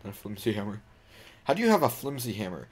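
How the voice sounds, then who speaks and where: A man's voice: on the low side, sing-song, fast, darkish tone, slight background noise. A young man co-hosting a game session, joking playfully and teasing his partner. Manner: teasing, playful, corrects and jokes. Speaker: gamer co-host. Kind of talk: casual let's-play banter.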